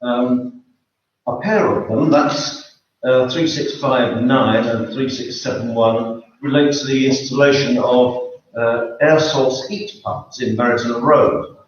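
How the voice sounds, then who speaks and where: A man from the public making a formal, measured comment at a council meeting, pausing often with fillers. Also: medium pitch, fairly even intonation. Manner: measured, hesitant with frequent fillers. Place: town council meeting room. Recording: echoey, dull room recording from far off.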